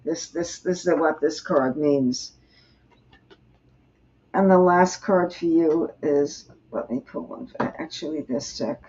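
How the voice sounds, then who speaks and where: A woman reads tarot cards aloud, taking her time to explain each one gently. Her voice is fairly low for a woman. The sound is muffled, as if streamed on modest equipment. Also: slow pace. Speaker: tarot reader, host. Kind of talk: live-stream tarot reading.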